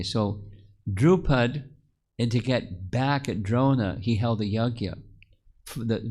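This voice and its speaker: A man teaching a scripture class to a live group. He tells the stories as he goes, asks the listeners questions, and often restarts or repeats words. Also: mid-range voice. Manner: storytelling, asks the audience questions. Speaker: spiritual teacher.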